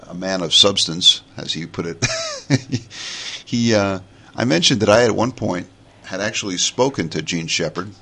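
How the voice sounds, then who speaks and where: Man, 40s, New York accent, very deep voice, bright forceful tone, chatty rambling podcast host. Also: creaky. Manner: rambling and chatty, with many fillers and restarts. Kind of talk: casual podcast monologue.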